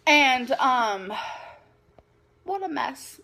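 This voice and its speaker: A woman's voice: a little high, lively intonation, unhurried, a bit bright. A woman rambling through a personal story in a vlog, filling her talk with many likes and ums. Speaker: vlogger.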